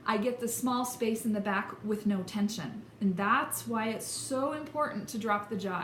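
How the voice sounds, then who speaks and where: A woman teaching a vocal lesson, explaining technique in an encouraging, emphatic way. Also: medium pitch. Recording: echoey room with instrument playing.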